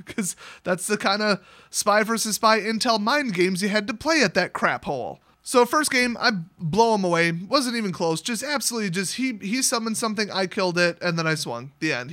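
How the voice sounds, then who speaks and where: A young man spins a casual story with sarcastic, exasperated energy. His voice sits high for a man and has a bright, sharp ring to it. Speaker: card game content creator.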